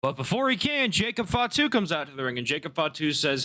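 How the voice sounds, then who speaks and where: A man's voice: on the high side, very animated, pushed and bright. A man hosting his own podcast, recapping wrestling in a casual, opinionated way and swearing freely. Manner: opinionated, swears, quick asides. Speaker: podcast host.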